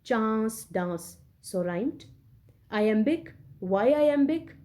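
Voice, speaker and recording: A woman teacher from Pakistan talks her students through a poem in a recorded lecture. She speaks at an unhurried, deliberate pace in a fairly high but mellow voice, and she repeats each point and checks in often with her class. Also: expressive. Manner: slow, repetitive explaining with many check-ins. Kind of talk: recorded English literature lecture.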